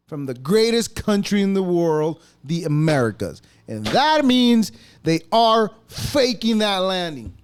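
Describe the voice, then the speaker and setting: A man hosting a podcast, ranting casually in a profane, mocking way. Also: high voice. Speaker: podcast host. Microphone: podcast mic.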